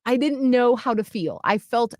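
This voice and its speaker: A woman in her thirties co-hosting a radio show, retelling a story in an animated, excitable way. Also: a little high, moderate pace, no room sound, studio quality. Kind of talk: casual chat.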